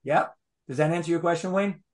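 Guy teaching a torah class, kinda high voice, patient, circles back to his points. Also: brisk. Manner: patient, repeats phrases, fond of asides. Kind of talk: explanatory class lecture.

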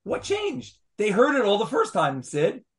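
Emphatic higher-voiced male Torah teacher. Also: sing-song, normal speed. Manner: emphatic, asks rhetorical questions, reads verses aloud. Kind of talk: animated text study with a small group.

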